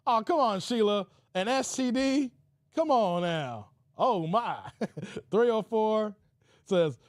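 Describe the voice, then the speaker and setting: A man hosting a casual livestream, reading chat comments in an animated way, with stuttered repeats and frequent laughter. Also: high voice, a little slow, no echo, studio quality. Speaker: livestream host.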